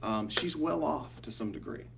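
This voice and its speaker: A man's voice: fairly high pitch, animated, normal speed, gravelly. Man with a Southern accent, leading a Bible study. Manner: chatty and rambling, frequent ums and "you know". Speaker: small group Bible study leader. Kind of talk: casual Bible study teaching. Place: small group meeting room. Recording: distant mic with faint hum.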